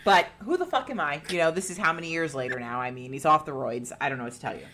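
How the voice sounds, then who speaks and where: Low-voiced chatty woman podcaster. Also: animated, fast, fairly bright tone, slight background noise. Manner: chatty, swearing, acting out quotes. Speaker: podcast co-host. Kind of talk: casual chat, retelling a ghost-hunting episode.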